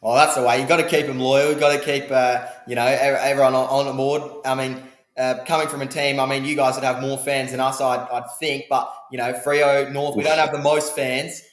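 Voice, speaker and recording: An Australian man of middle pitch hosts a casual podcast chat. He talks in a loose, unhurried way and pads his sentences with fillers. The recording rings with noticeable room echo. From South Australia. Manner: relaxed, hesitant, many fillers. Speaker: podcast host. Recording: roomy echo.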